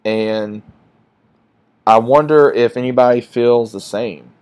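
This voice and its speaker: A man's voice: mid-range voice, slow, a little mellow, clear, resonant tone, highs cut off. Blunt, frustrated man reviewing a movie. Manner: frustrated, blunt, repetitive complaints. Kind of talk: casual video review.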